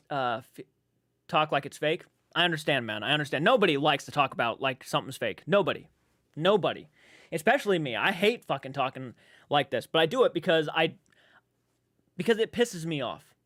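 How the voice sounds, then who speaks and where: A man's voice: on the high side, a bit bright, no room sound, clean studio sound. A man chatting casually on a live stream, reading viewers' comments aloud, rambling and swearing freely.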